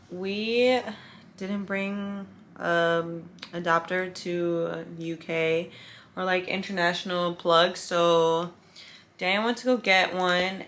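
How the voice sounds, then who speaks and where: A woman's voice: lowish voice, pushed and bright. Tired, chatty woman vlogger. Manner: chatty, emotional, swears casually. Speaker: fitness vlogger. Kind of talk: casual vlog chat. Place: hotel room.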